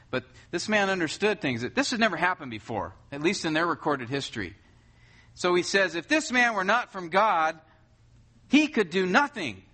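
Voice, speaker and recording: A pastor delivers a sermon in a relaxed, conversational way, tossing rhetorical questions at his congregation. His voice is bright and forceful, sitting a little high for a man.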